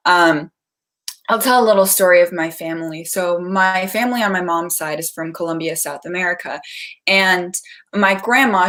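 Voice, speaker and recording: A woman's voice: fairly low pitch, fairly bright tone. A young woman, a climate organizer, giving an earnest speech at an online rally over a video call and telling a family story. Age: young adult.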